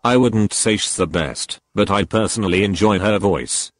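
A male text-to-speech voice reading and reacting to fan confessions, with an emotionless, flat manner. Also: fairly low pitch, normal speed, background noise. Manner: emotionless, flat synthetic delivery.

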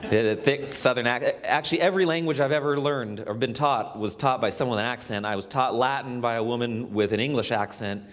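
A man's voice: mid-range voice, fast talker, few pauses, a bit bright. Conversational male pastor preaching. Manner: conversational, with asides and small restarts. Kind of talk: sermon with scripture reading. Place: church sanctuary.

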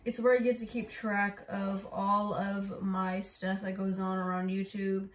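A woman's voice: mid-range voice, flat delivery, unhurried, distant mic. A woman vlogging casually about her phone, chatty and rambling, with lots of "like" and "y'all". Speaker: YouTuber. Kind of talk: casual vlog phone walkthrough. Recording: roomy echo.

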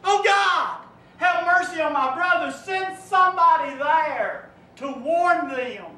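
A man's voice: extremely high pitch, slow, sharp tone, pitched above the performer's own voice, full character voice. A man preacher voicing a tormented rich man in hell who cries out desperately to God. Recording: echoey room, from far off.

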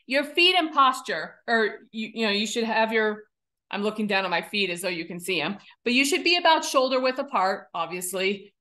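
A woman coaching public speaking in a webinar, talking in an enthusiastic, animated and emphatic way. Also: mid-range voice, normal speed. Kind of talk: webinar presentation.

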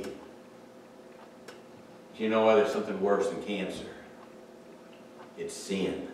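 A male pastor preaching a sermon, swinging from hushed to shouting and asking the congregation questions. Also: sits low, a little hiss or hum. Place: church sanctuary. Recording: echoey church hall from far off.

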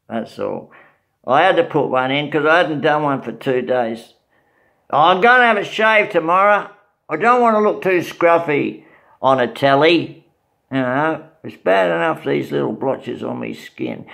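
Old aussie bloke, 80s, reading his memoir real slow, gravelly, kinda wry. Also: fairly high pitch, a bit bright. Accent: Australian. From Australia. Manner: slow, wry storytelling with fillers and chuckles. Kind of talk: reading a personal memoir aloud.

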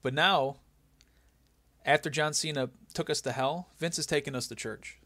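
A young man with a somewhat high voice chats casually on a podcast. He recaps things with animated energy. The recording is dry and close. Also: normal speed, no room sound. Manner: animated, laughing, putting on mock voices for quotes. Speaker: podcast co-host.

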